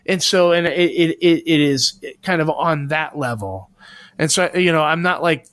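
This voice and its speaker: At normal speed and in a fairly bright voice on the high side, a man co-hosts a casual podcast discussion. He's earnest and searches for his words as he talks things through, recorded in studio quality with no echo.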